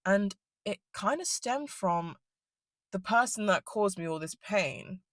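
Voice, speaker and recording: A woman's voice: mid-range voice, lively intonation, slow, a bit bright, no room sound. Chatty young woman, dry sound. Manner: rambling, swears freely, fillers like "like". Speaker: vlogger. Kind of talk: casual storytime chat. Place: in a car.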